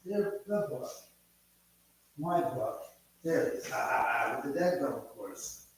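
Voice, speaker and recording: A man's voice: medium pitch, expressive, slow pace, reverberant, slight background noise. A man hosting a casual live stream from his home, rambling and greeting viewers by name. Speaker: livestream host. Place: room at home.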